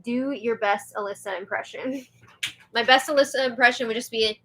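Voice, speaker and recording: A young woman hosts a live chat show, reading out viewer messages in a chatty, giggly way full of little fillers. Her voice is bright and sits a bit high, and her throat is sore. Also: moderate pace. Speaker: show host.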